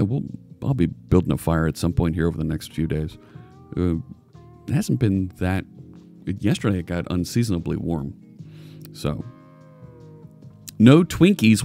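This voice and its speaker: A man's voice: low-pitched, animated, a little slow, gravelly, pauses often, darkish tone, faint music behind. A man hosting a casual live coding stream, chatting loosely and joking with viewers as he works. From United States. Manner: rambling, chatty, jokey.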